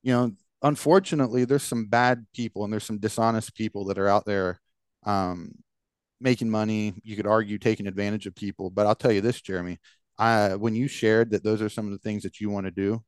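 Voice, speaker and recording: A man's voice: fairly low pitch, fairly even intonation, a little fast, smooth, no room sound. Rambling male podcast host, dry close sound. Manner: rambling, many fillers and restarts. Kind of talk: casual conversational rant.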